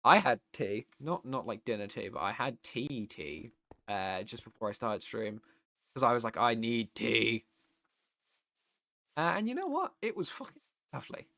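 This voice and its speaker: Tired british guy streaming, bright sharp voice, swears a lot, gets loud when he rants. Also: medium pitch, huge pitch swings, moderate pace, no room sound. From Britain. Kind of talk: casual live-stream chat.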